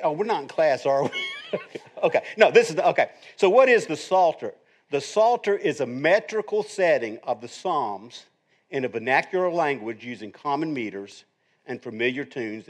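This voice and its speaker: Middle-aged pastor with a higher voice. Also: male voice. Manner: conversational, joking teacher tone. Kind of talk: sermon.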